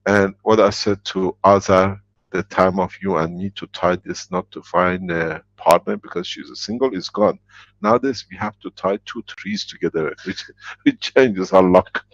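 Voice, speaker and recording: A man answering questions in a live online workshop, blunt and joking, in halting English. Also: sits low, vocal fry, no echo. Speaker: workshop speaker. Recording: dull lo-fi video call audio.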